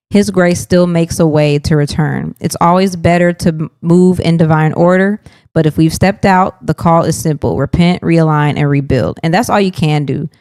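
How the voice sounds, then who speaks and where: Female co-host, low voice, earnest and reflective, dry room. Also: a little mellow, clear, resonant tone, no echo. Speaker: podcast co-host. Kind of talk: faith podcast conversation.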